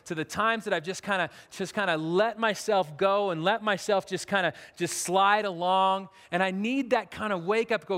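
A high-pitched man preaches a sermon in plain, everyday words. He circles back on his phrases and restarts often. His voice rings out with the long reverb of a large hall. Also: normal speed, few pauses, fairly bright tone. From United States. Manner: casual, repetitive preaching with restarts. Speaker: pastor.

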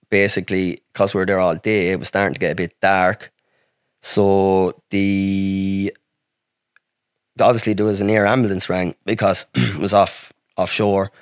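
A man's voice: low voice, little pitch movement, measured pace, pauses often, smooth, no room sound, studio quality. An Irish man telling a long personal story as a podcast guest, rambling and swearing freely. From Ireland. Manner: rambling, heavy swearing, frequent restarts. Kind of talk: casual storytelling.

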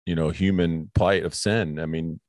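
A podcast host with a low, steady, slightly mellow voice speaks at a moderate pace during a casual conversation about faith. He earnestly shares a personal story and calls his guest "bro." The recording is dry, with clean studio sound.

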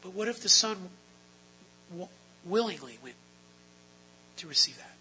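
A man preaching a sermon, emphatic, moving between quiet explanation and loud, drawn-out stresses. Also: sits high, expressive, slight background noise, low-quality recording. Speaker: pastor.

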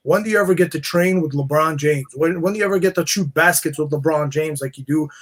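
Husky-voiced man talking in rambling bursts. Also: on the high side, quick pace. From New York. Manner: rambling, restarts often with "you know". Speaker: guest, jeweler and jiu-jitsu black belt. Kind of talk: casual podcast interview.

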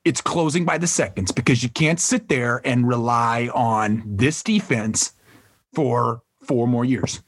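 A man's voice: mid-range voice, measured pace, breathy edge, dry recording. A man hosting a podcast, debating sports with friends in an emphatic, ranting way and hammering points over and over. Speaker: podcast host.

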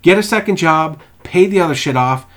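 A man's voice: on the high side, fairly quick. A young man co-hosting a podcast, chatting casually and telling stories with lots of swearing and acted-out quotes. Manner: profane, animated storytelling with put-on quotes. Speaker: podcast co-host. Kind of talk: casual chat.

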